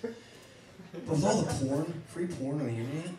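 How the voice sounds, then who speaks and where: A male stand-up comedian on a comedy club stage, doing his routine in an animated way and jumping into high mock voices. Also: normal speed, heavy background noise. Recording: echoey club from far off. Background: audience laughter.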